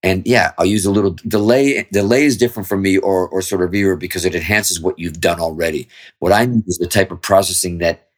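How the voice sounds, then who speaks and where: A man's voice: low voice, fairly even intonation, fast. A middle-aged man, a guest guitarist in a casual interview chat, explaining his views at length with candid, freely swearing talk.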